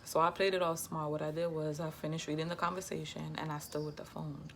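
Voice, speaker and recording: A woman's voice: deep voice, little pitch movement, fast talker, fairly bright tone, slight background noise. A young adult woman vlogger telling a personal story in a candid, emphatic way, full of slang. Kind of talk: storytime vlog.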